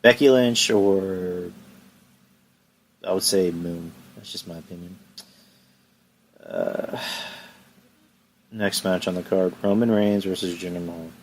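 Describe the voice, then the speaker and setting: A man with a fairly low voice hosts his own review podcast from home. He rants in a casual, exasperated way and keeps throwing out rhetorical questions. A faint hiss sits under his voice. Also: takes it slowly, pauses often. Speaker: podcast host. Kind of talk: solo wrestling review podcast.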